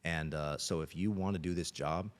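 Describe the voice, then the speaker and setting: A man's voice: sits low, steady tone, moderate pace. A middle-aged man, a police officer, telling stories earnestly and plainly as a podcast guest. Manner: earnest, plain-spoken storyteller. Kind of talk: podcast interview storytelling.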